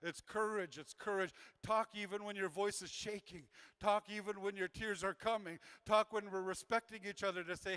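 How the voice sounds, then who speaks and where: A man's voice: sits high, fairly even intonation, a little fast, few pauses, fairly bright tone, clear, resonant tone. A man who works with youth, giving an earnest, repetitive motivational talk to a community gathering and acting out the voices of the people he quotes. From Canada. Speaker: youth worker and speaker.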